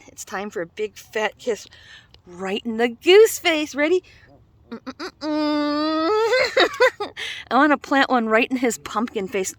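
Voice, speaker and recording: A woman's voice: sits high, a bit bright, no room sound. A woman vlogging outdoors among geese, chatting casually and coaxing a goose in a playful sing-song voice. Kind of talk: casual vlog narration.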